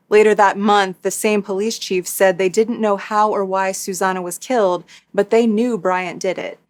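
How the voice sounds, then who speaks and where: Woman narrating true crime, matter-of-fact. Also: medium pitch. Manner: steady, matter-of-fact storytelling with dry asides. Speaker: true crime YouTuber host.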